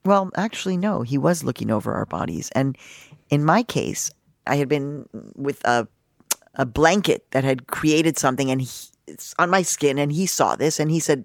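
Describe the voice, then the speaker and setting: A woman in her fifties from Mexico, a journalist, telling a personal story in an interview with an animated, expressive delivery. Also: extremely low pitch, normal speed, vocal fry, no room sound, studio quality. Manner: animated, expressive, acts out quotes. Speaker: journalist and guest.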